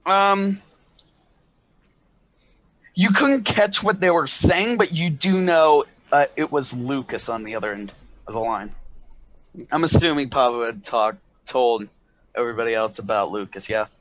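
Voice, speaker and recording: A man's voice: mid-range voice, a bit bright, no room sound. Man narrating as game master, dull audio. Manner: halting, many fillers and restarts.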